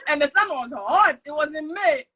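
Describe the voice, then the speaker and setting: A woman from Ghana co-hosts a podcast, chatting casually, laughing, and teasing while she tells animated stories. Her voice sits high and she speaks at a normal speed, though the recording quality is low.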